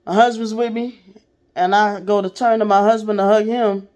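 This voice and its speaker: A woman's voice: mid-range voice, moderate pace. Woman, vlogger, casual storytelling, blunt, cursing freely. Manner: blunt, profane, animated storytelling. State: sick.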